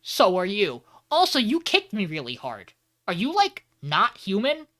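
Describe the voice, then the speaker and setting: A man's voice: sits high, huge pitch swings, measured pace, bright, forceful tone, exaggerated voice. A man voicing a gloating, cruel male arsonist villain while recapping an anime on a podcast. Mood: taunting.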